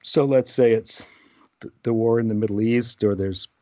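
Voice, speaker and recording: A man, a meditation teacher, explaining a prayer practice in casual spiritual conversation, halting with fillers and restarts. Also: mid-range voice, fairly even intonation, a little mellow, no room sound, lo-fi sound. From United States.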